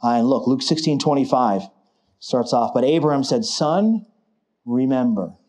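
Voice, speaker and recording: A man's voice: mid-range voice, lively intonation, moderate pace. A middle-aged man preaching a sermon, building to emphatic declarations. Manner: emphatic, rising to forceful declarations.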